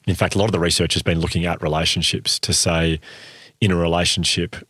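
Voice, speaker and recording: An Australian man talks earnestly in long, rapid stretches, explaining an idea to his co-host. His voice sits very low. The sound is close and dry, with no room in it. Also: little pitch movement, a bit bright, slightly rough, no echo. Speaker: podcast co-host, speaker on gratitude. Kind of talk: casual podcast chat.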